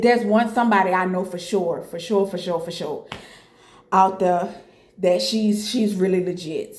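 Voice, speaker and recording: A woman's voice: lowish voice, warm tone, roomy sound. A woman from New Orleans with a New Orleans accent, talking bluntly and emphatically to camera, repeating her points. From New Orleans, Louisiana. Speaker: boutique owner vlogger. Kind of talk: casual talk to camera.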